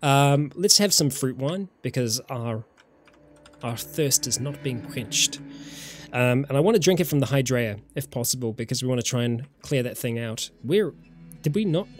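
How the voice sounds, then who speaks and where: A man's voice: medium pitch, expressive, normal speed, faint music behind. A man from New Zealand with a New Zealand accent, casually commenting on a survival game during a live stream and chatting with viewers.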